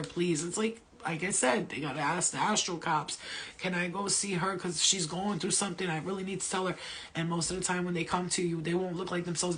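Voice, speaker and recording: A woman's voice: fairly low pitch, fairly bright tone. A woman healer answering viewer questions in a casual spiritual talk, blunt and profane, telling stories.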